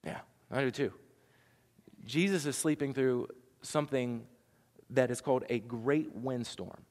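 A man's voice: medium pitch, a little mellow, big-room sound. A man preaching a sermon, talking conversationally and asking the congregation rhetorical questions. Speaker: pastor.

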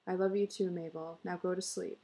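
A woman's voice: lowish voice, steady tone, fairly quick, warm tone, lightly acted. A woman voicing an earnest, eager husband who coaxes and insists. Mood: coaxing. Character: earnest husband, eager and fussing, middle-aged.

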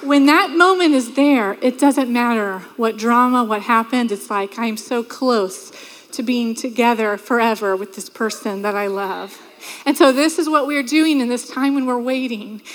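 A woman delivers a sermon from a church stage, telling lively stories and slipping into quoted voices. Her voice sits high, and the sound carries a long reverb from the hall. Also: moderate pace, a little hiss or hum. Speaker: preacher.

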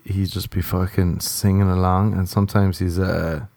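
Chatting casually, this comedian spins a meandering yarn, swearing without restraint and cracking himself up. He speaks at normal speed in a slightly low, gravelly voice that stays warm and easygoing. The audio is close-miked, dry, and free of echo.

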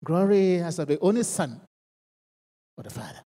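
A woman preacher alternates between English and a local language in her sermon, her warm, relaxed voice sitting lowish and moving at a normal speed. She sinks to near-whispers, then rises into loud, ringing lines, all carried by the long echo of a big hall.

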